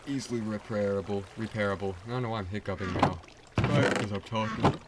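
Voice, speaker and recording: A teenage male streamer rambling casually while playing a game, full of fillers and restarts. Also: sits low. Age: teens. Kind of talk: rambling gameplay livestream chat. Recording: loud background noise.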